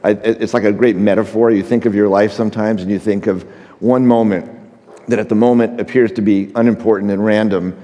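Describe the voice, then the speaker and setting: A middle-aged man with a fairly low voice tells a story on a conference stage, acting out each line of dialogue between fillers. His tone is mellow and relaxed. The sound carries the long reverb of a big hall. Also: fairly quick. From United States. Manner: anecdotal, acts out dialogue, frequent fillers. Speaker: conference speaker, photographer. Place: large conference stage before an audience.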